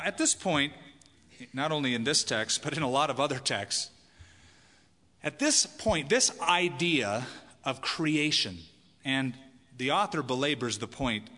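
A man's voice: a little high, sharp tone. A man preaching a sermon to a congregation as pastor, emphatic and asking the listeners questions. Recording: long hall reverb.

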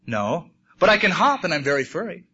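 A man's voice: fairly high pitch, big pitch swings, a little fast, sharp tone, breathy edge, full character voice. A man voicing a lonely little male bunny who talks in a tearful, pleading way. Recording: muffled lo-fi recording.

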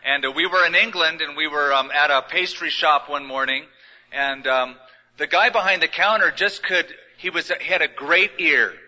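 In a big church auditorium, a middle-aged male pastor delivers a conversational, gently humorous sermon at normal speed. His fairly high voice is very bright and forward, while the dull, lo-fi recording carries a long reverb tail from the hall.

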